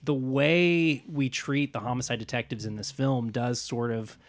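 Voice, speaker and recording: A man co-hosting a casual film podcast, animated and rambling, laughing often as he talks. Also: medium pitch, moderate pace, dry recording. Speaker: podcast co-host.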